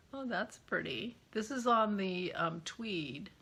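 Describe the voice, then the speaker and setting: A woman's voice: mid-range voice, lively intonation, slow pace, hardly any pauses, pushed and bright, husky. A woman hosting a knitting vlog in a chatty, rambling way, often dropping to a whisper as she shows yarn. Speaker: knitting podcast host. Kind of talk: casual vlog chat while unboxing yarn.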